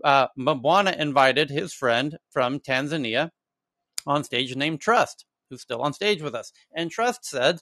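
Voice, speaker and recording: A man hosting a casual live audio chat, telling stories with animated, profane asides. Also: a little high, a little slow, no echo. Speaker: host.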